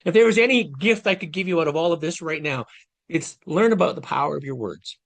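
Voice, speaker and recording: Speaking fast in a slightly high, gravelly voice, a man in his late fifties gives a motivational masterclass as a guest over video call. He stays earnest and conversational, talking straight to his audience.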